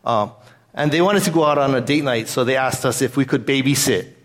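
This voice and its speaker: A man's voice: medium pitch, brisk. A man pastor giving a sermon in an earnest, conversational way, weaving in a personal story.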